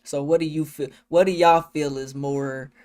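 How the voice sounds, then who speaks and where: A man's voice: a little high, steady tone, normal speed, a little mellow, no echo. A man reacting casually on a livestream, slangy and joking, laughing often. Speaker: streamer reacting to clips. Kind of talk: casual reaction stream chat.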